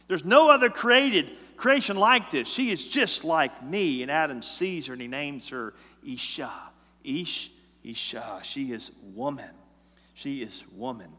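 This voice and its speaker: Pastor mit hellem Klang im halligen Kirchenraum. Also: male voice, fairly high pitch. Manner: swings from hushed, slow lines to loud, emphatic repetition. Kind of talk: sermon. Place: church sanctuary. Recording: long reverb of a large hall.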